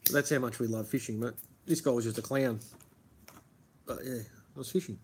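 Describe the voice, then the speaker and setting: A man's voice: medium pitch, steady tone, brisk, slight background noise. A man with a broad Australian accent, chatting and rambling casually as a stream host, swearing freely and calling everyone mate. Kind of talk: casual chat.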